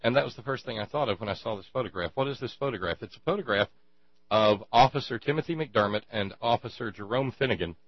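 A man giving an indignant, sarcastic monologue, halting often with fillers as he builds his points. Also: medium pitch, dry recording. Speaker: commentator. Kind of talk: ranting monologue. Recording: dry, dull lo-fi with mains hum.

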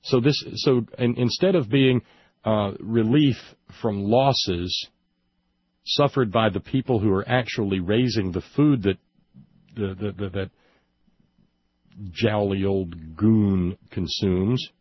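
A man with a low, husky voice delivers a sarcastic political monologue and rises into mocking indignation. He reads quotes quickly and stumbles over restarts now and then. The recording is dry and dull, like lo-fi home audio. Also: dry recording. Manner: hesitant restarts and fillers. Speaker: political commentary host. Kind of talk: sarcastic monologue reading from a report.

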